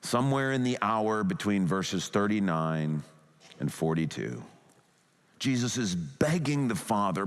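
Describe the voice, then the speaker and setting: A man's voice: low voice, expressive, measured pace. A man preaching a sermon as a pastor, earnest and pleading as he talks. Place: church sanctuary. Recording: long hall reverb.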